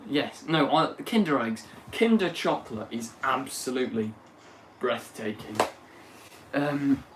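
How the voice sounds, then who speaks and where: A young man hosting a casual chat stream, talking fast and excitedly and bursting into loud shouted lines. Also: medium pitch, background noise. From England. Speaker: livestream host.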